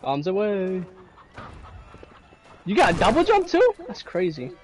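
A man's voice: high voice, huge pitch swings, a little slow. A young man chatting casually while playing a game with friends, joking and swearing. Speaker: gamer.

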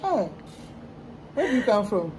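A woman's voice: a little high, measured pace, a crowd in the background, rough recording. A young woman, hosting a casual chat and telling stories with mimicked voices. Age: young adult. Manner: animated storyteller, mimics voices. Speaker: vlog host.

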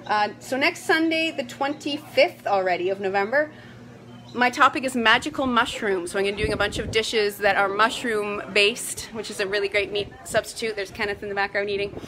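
A woman's voice: a little high, sharp tone. A woman hosting a casual cooking video, talking to the camera in a bubbly, playful, chatty way while she cooks in a kitchen. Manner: bubbly, playful and chatty, with sing-song asides. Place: kitchen at a retreat center. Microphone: handheld camera or phone. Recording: noisy ambient background.

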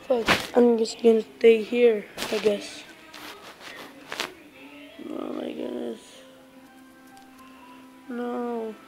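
A woman's voice: on the high side, little pitch movement, extremely slow, gravelly, long pauses, over music, low-quality recording. A woman giving casual let's-play commentary on a horror game, jittery and swearing often, repeating her exclamations. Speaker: gamer playing a horror game.

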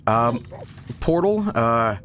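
A man streaming a game, giving casual, excitable commentary with frequent swearing and laughter. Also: mid-range voice, slow pace, a little hiss or hum. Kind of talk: casual let's-play commentary.

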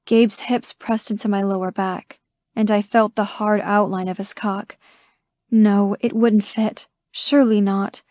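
A woman reading a first-person romance audiobook in a slow, intimate way. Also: medium pitch, steady tone, darkish tone, no room sound, clean studio sound. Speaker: audiobook narrator. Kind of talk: scripted first-person narration.

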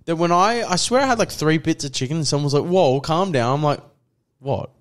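A man's voice: fairly high pitch, expressive, fast talker. A young man, co-hosting a podcast and telling long stories about a night out with friends. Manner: rambling storyteller, many fillers, quotes friends. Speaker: podcast co-host. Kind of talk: casual chat.

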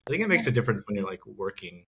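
A young man guest in a casual podcast chat, joking and jumping in quickly. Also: fairly low pitch, very animated, pushed and bright, slight background noise. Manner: quick, joking, interjects often.

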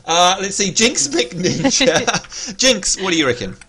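A man's voice: high voice, big pitch swings, takes it slowly, a crowd in the background. An Australian man hosting a gaming livestream, chatting playfully and teasing his viewers. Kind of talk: casual livestream chat.

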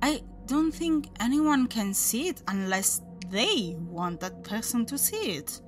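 A woman voicing a calm, mysterious demon hunter. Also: fairly high pitch, a little slow, music in the background. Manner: calm, polite, matter-of-fact.

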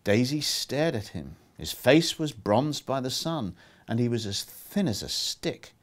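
A man reading aloud from his own novel with expression, lifting his pitch sharply for the characters' lines. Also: sing-song, measured pace. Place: historic underground rooms.

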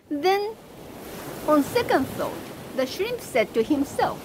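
A woman narrating a children's fable in a slow, expressive read-aloud manner. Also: sits high, a little hiss or hum. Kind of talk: storybook narration.

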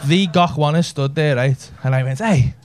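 A man's voice: fairly high pitch, normal speed, background noise. A man, telling a brash, sweary story in a stand-up set. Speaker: stand-up comedian. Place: comedy club stage with audience laughter.

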